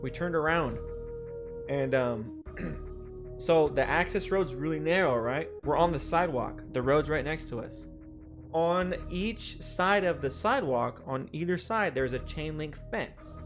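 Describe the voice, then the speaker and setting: A young man with an expressive, somewhat high voice streams a game at an unhurried pace, with game music playing behind him. He rambles through an old story, swearing freely and laughing as he goes.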